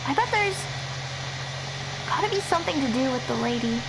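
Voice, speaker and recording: A young woman streaming horror games live, talking excitably and profanely and shrieking at the scares. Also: high voice, a little fast, heavy background noise. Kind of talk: live gameplay commentary.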